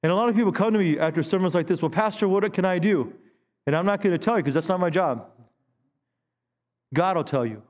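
A man's voice: high-pitched, lively intonation, quick pace, pauses often, big-room sound. A man in his fifties, a pastor preaching a sermon in a conversational way, with stammered restarts. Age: 50s. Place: church sanctuary.

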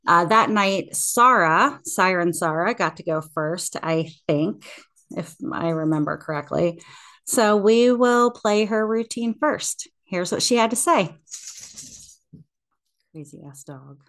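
A woman hosting a podcast, introducing the episode in a friendly, slightly halting way. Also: mid-range voice, fairly bright tone. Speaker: podcast host.

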